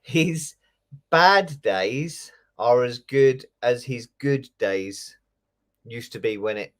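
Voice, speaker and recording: A man on a video call, chatting easily with a friend. He talks in a plain, mid-pitched voice and often stops to say um and uh before going on. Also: animated, takes it slowly. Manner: easygoing, hesitant, lots of fillers. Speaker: co-host, police officer. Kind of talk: casual chat.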